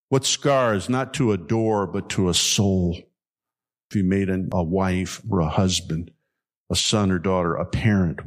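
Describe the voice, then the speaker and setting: A pastor delivering a sermon, speaking emphatically and repeating key phrases for effect. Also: male voice, low-pitched.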